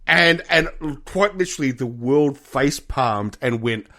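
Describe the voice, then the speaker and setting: A middle-aged man co-hosting a podcast in casual chat, frank and animated, swearing freely and laughing often. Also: mid-range voice, a little slow. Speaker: podcast co-host.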